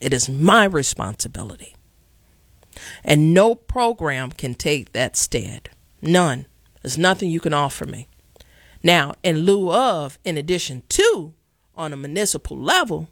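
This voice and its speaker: A man hosts a radio call-in show from the studio, his fairly high voice rough and gravelly. He speaks with impassioned, preacherly emphasis and leans hard on slow, deliberate stresses. The sound is dry and close. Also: big pitch swings, a bit bright, no room sound. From Chicago. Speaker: radio talk show host.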